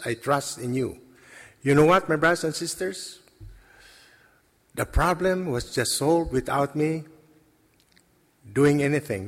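A man giving a personal faith testimony to a congregation, earnest and halting, with many pauses and restarts. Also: medium pitch, fairly bright tone. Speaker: lay speaker giving a testimony. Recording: long reverb of a large hall.

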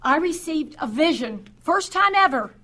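An older woman telling a personal faith story in a halting way, often repeating words and restarting her sentences. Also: high-pitched, animated, bright, forceful tone. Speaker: speaker giving a personal testimony.

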